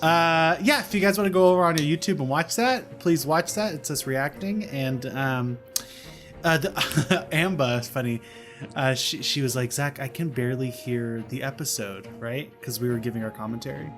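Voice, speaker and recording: A man's voice: medium pitch, moderate pace, a bit bright, soft background music. A young man co-hosting a podcast, chatting casually and teasing, with lots of fillers. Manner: joking, teasing, full of fillers. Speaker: podcast co-host. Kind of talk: casual chat.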